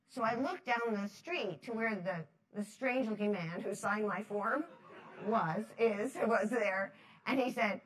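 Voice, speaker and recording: A woman from New Jersey giving a talk to an audience, telling stories in a lively, chatty way, laughing often and acting out the voices she quotes. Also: mid-range voice, normal speed, rough recording. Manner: chatty, many fillers like "like". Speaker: speaker at a foundation talk series.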